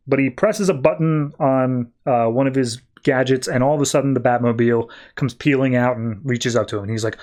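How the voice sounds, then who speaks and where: A man hosting a podcast, recapping comic books as quick, enthusiastic storytelling. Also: mid-range voice, a little mellow. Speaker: podcast host. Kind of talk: casual comic book recap.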